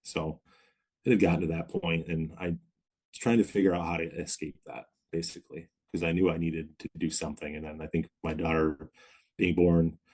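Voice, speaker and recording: Deep flat-voiced man, husky. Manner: reflective, measured, many pauses and hedges. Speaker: podcast guest, pharmacist in recovery. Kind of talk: candid interview storytelling.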